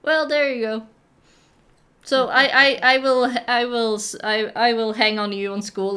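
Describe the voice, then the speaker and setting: A young woman whose first language is Norwegian hosts a relaxed live stream, chatting in a playful, giggly way. She often stops, restarts and fills gaps with little sounds. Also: a little high, clear, resonant tone. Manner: giggly, playful, halting with fillers. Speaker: stream host. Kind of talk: casual chat.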